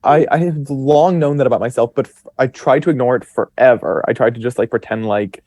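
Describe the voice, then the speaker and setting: His voice sits mid-range, a little fast and a little mellow, recorded dry and close with no room sound. This podcast guest in his twenties tells casual stories chattily, rambling with many fillers and acted-out self-talk.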